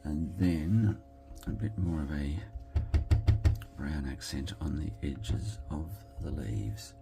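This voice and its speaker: An Australian man talking casually as he makes a card, thinking aloud and quietly murmuring approval at his work. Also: a bass voice, slow, vocal fry, music in the background. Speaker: card-making crafter. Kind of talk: casual commentary while crafting.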